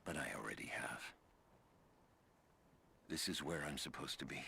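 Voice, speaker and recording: An actor playing a calm male cult soldier, speaking slowly and quietly with menace in a game recording. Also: extremely low pitch, vocal fry, a little hiss or hum, heavily acted. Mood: menacing.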